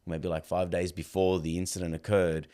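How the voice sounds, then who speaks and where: Guy in his thirties, very deep voice, chatty guest who re-enacts conversations, lots of "bro". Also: normal speed, smooth. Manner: animated, acts out dialogue, fills with "like" and "bro". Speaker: podcast guest. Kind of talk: casual storytelling.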